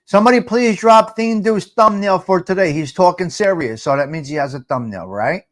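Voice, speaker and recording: A man's voice: sits high, moderate pace. A middle-aged man hosting a casual live chat, teasing viewers, repeating himself and dropping Italian phrases. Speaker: livestream host.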